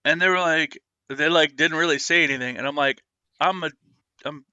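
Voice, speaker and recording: A man hosting a casual group voice chat, telling stories in an animated, jokey way. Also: fairly high pitch, normal speed, clean tone, dry recording, highs cut off.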